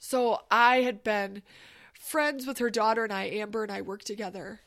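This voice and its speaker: A woman telling a personal story in an animated, emphatic, conversational way. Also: medium pitch, normal speed.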